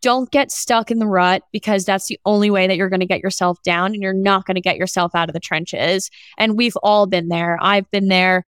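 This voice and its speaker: A woman's voice: mid-range voice, fairly even intonation, moderate pace, few pauses, fairly bright tone, clean tone, no echo, studio quality. A woman guest on a podcast, answering earnestly and encouragingly in casual talk.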